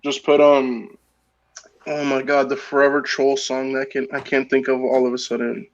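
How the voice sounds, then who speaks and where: A man co-hosting a casual podcast, excitable and laughing at his own ideas. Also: mid-range voice, normal speed. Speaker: podcast co-host. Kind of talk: casual chat. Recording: dull lo-fi sound.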